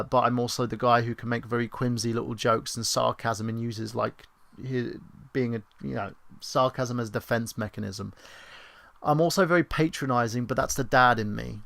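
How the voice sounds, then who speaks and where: A man's voice: mid-range voice, gravelly, fairly bright tone, no room sound. A British man in his thirties hosting a livestream, chatting in a rambling, sarcastic, self-mocking way with casual swearing. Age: 30s. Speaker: livestream host.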